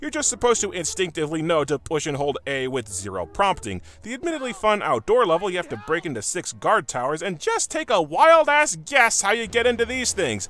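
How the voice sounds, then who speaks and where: A man's voice: high voice, very animated, a little fast, few pauses, pushed and bright. A man narrating a video game review, sarcastic and profane, breaking into exasperated outbursts.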